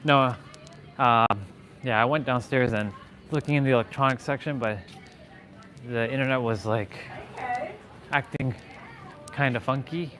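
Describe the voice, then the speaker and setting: A man's voice: mid-range voice, fairly even intonation, a little slow, long pauses, a bit bright. A young man from Canada chatting casually on a live stream as he walks through a parking lot to his car, rambling with lots of fillers and restarts. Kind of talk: casual live-stream chat while walking.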